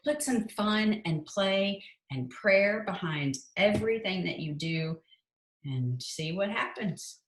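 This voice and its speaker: A woman's voice: medium pitch, animated, takes it slowly, echoey room, slight background noise, low-quality recording. A woman hosting a casual prayer-group chat, playful and laughing often. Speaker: host.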